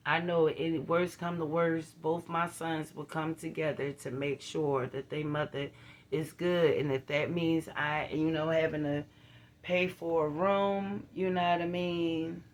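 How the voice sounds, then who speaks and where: A woman's voice: sits low, a little hiss or hum. Blunt woman vlogging. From Philadelphia. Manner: earnest, blunt, preachy, with frequent "you feel what I'm saying" asides. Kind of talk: casual direct-to-camera vlog.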